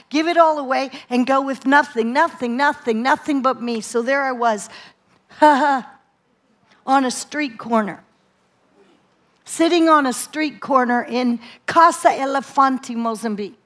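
Animated woman preacher telling her testimony. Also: high voice, measured pace. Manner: animated storytelling, laughs often. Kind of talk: testimony sermon.

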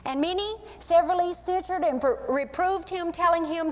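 A woman preaching and teaching from the Bible, animated and acting out the scenes as she tells them. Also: very high-pitched, moderate pace, hardly any pauses, long reverb tail, low-quality recording. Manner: animated, acts out scenes with shifting pace. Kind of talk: sermon-style Bible teaching.

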